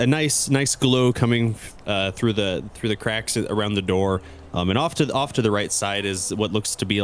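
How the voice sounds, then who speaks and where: A man's voice: on the low side, a little hiss or hum. A man narrating a tabletop game as game master, rambling with many restarts.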